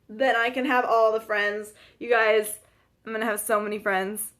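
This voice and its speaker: A young Canadian woman with a bright, slightly high voice, chatting on a live-stream vlog. She fills her talk with "um" and "like" and laughs at herself as she goes. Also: moderate pace. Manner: chatty and self-deprecating, lots of fillers. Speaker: vlogger. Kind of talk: casual live-stream chat.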